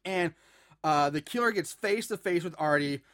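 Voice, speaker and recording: A man's voice: fairly high pitch, moderate pace. Man animatedly recapping a movie. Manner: animated, recounts scenes with laughs and mock outbursts. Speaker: movie podcast co-host. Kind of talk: casual chat recapping a film.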